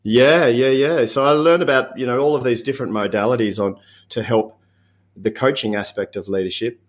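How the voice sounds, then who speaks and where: A man in his fifties with an Australian accent, a podcast guest talking in a relaxed, reflective way with frequent chuckles and halting restarts. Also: medium pitch. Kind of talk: casual interview chat.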